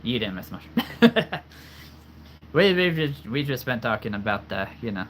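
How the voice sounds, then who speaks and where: Slow-talking man streamer losing his voice. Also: mid-range voice, very animated, slight background noise. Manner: chatty, laughs often, friendly with viewers. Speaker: livestream host. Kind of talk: casual live chat answering viewers.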